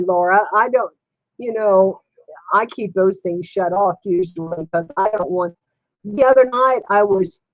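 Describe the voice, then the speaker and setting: A woman's voice: medium pitch, dry recording, muffled recording. A woman hosting a casual live stream from her home computer, chatting with viewers and laughing helplessly. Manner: giggly, keeps laughing helplessly.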